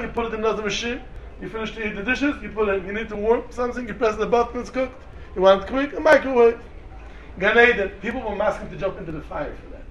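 A man's voice: high-pitched, muffled recording. Man, rabbi, Torah lecture, rhetorical questions, faint noise behind. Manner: animated, rhetorical questions, mixes in Hebrew and Yiddish terms. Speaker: rabbi teaching students. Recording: echoey room, faint background noise.

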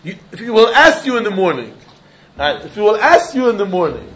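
A man's voice: sits high, big pitch swings, brisk, a bit bright. A man teaching a Talmud lesson, arguing both sides back and forth and often laughing as he explains. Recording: dull lo-fi recording.

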